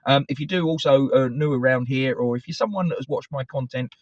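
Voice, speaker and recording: On his football fan channel, a middle-aged man offers rambling, casual commentary to camera, drifting between topics and fixing his own words as he goes. He speaks at medium pitch and a fairly quick pace. The recording is dry and a little dull.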